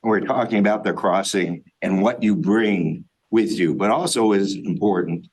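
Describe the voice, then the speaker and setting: A man taking part in a study class, offering a measured, reflective comment. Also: lowish voice, a little mellow, slightly rough. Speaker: class participant. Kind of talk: thoughtful comment in a study group.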